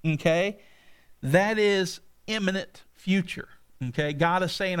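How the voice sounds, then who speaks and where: Man, preacher, folksy sermon, slightly high voice, chatty asides. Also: unhurried, clear, resonant tone. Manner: folksy storytelling with frequent "okay?" asides. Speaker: pastor.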